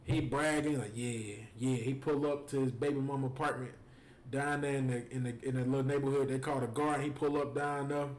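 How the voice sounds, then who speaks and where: A man hosting a stream, telling stories in a casual, animated and joking way. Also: mid-range voice, brisk. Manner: animated, joking, full of fillers. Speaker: host. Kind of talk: casual storytelling and preaching on a stream. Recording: echoey room with faint noise.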